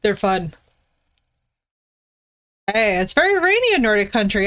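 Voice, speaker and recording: A woman streamer telling a story in casual chat, animated and swearing, often laughing, with big jumps in her voice. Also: mid-range voice, normal speed, pauses often.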